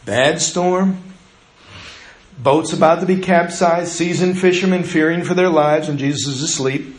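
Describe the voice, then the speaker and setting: A man preaching a sermon in a church, conversational, with slow, quiet passages for emphasis. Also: on the high side. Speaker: pastor. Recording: echoey room.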